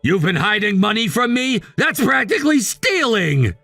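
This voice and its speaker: A man voicing a controlling, scornful husband in a text-message story, dismissive and given to shouting. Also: high voice, big pitch swings, moderate pace, no room sound, faint music behind, heavily acted. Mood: angry, scornful. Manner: bossy and dismissive, shouting at times.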